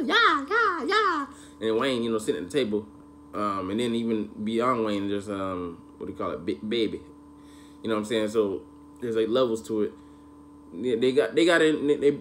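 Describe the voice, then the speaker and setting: A man casually reviewing an anime episode, rambling with lots of fillers and bursting into loud profane rants. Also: on the low side, a little hiss or hum.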